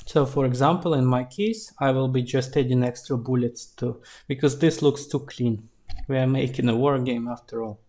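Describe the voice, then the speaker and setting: A man, an indie game developer, narrating a screen-recorded tutorial in a relaxed, explaining way. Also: medium pitch, moderate pace.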